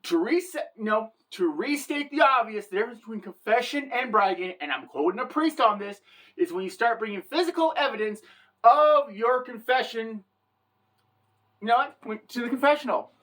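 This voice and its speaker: A woman's voice: on the high side, lively intonation, moderate pace, fairly bright tone. A woman giving an irreverent, wisecracking satirical comedy monologue, bragging and joking about the church.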